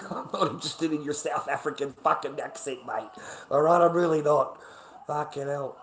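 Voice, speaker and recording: A man's voice: mid-range voice, moderate pace, a bit bright. A middle-aged man with an Australian accent, ranting bluntly and profanely on his livestream, often restarting his sentences. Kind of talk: casual livestream rant.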